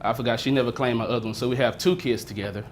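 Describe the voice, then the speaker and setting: A man plays a sarcastic, aggrieved schoolteacher father pleading his case in a courtroom show, in an everyday mid-pitched voice. He bickers with indignant jabs, and a faint rumble sits under the recording. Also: fairly even intonation, racing, close to an everyday voice. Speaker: father seeking more child support. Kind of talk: improvised courtroom show acting.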